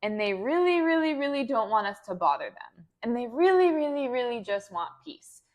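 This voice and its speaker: A young adult woman co-hosting a podcast, telling a story in a casual, animated way and acting out the people in it. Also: a little high, normal speed. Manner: animated, acts out voices in her story. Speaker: podcast co-host.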